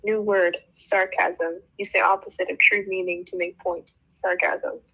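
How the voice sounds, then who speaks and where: A woman's voice: fairly low pitch, flat delivery, unhurried, sharp tone, muffled recording, full character voice. A woman doing a blunt alien in broken English. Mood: dry. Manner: clipped broken English, ends questions with "question". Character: small male alien engineer, blunt, earnest.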